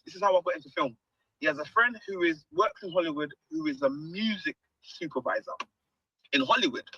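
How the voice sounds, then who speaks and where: A man's voice: fairly high pitch, a little fast, breathy edge, dull audio. A man, a guest musician telling stories in an interview and acting out the dialogue. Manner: animated, acts out quoted dialogue. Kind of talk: storytelling interview.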